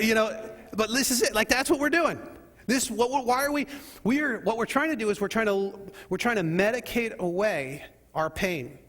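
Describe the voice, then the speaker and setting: Man, pastor, sermon, higher voice, rhetorical questions, call-and-response, long hall reverb. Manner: leads the congregation in call-and-response; rhetorical questions, swings between loud and quiet. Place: church sanctuary.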